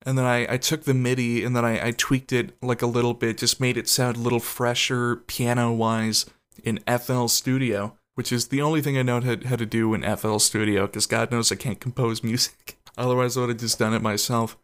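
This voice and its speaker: Brief: male podcast host with a medium-pitched voice, casual, rambling and profane. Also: flat delivery, fairly quick, clean tone. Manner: rambling, profane, with frequent self-conscious laughs. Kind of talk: casual solo podcast chat.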